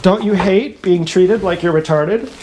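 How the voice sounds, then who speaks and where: A woman's voice: lowish voice, a little slow, noisy background. A woman talking in a rambling, improvised livestream monologue, blunt, sarcastic and mocking herself. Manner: wandering, half-improvised talk. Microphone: action camera.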